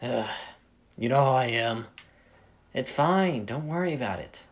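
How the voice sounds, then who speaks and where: Kat, a teenage girl and easygoing older sister, talks in a breezy, reassuring way with a lively, bouncing pitch, as a man puts her on in his own voice. It sounds like a home-read fan story. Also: unhurried. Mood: soothing.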